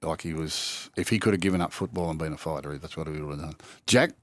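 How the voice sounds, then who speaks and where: A man's voice: a bass voice, quick pace, no echo. An older man with an Australian accent, a former rugby league coach telling stories in casual chat, acting out quotes with many restarts. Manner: yarn-spinning, acts out quotes, frequent restarts.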